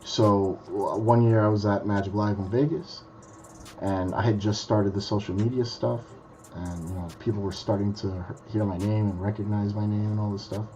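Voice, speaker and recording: A man's voice: fairly low pitch, fairly even intonation, moderate pace, mellow, faint music behind, rough recording. A man who is a magician, telling stories bluntly and swearing freely in a casual podcast chat. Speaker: guest magician.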